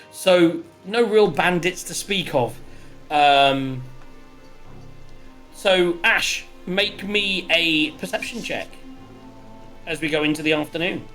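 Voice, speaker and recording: A woman narrating a tabletop game as game master in an unhurried, descriptive way. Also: fairly low pitch, fairly bright tone.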